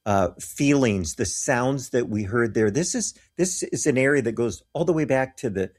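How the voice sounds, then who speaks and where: A guest shares earnest, animated personal stories from his mission trips in a medium-pitched, expressive voice at a moderate pace. When quoting others, he acts out their voices.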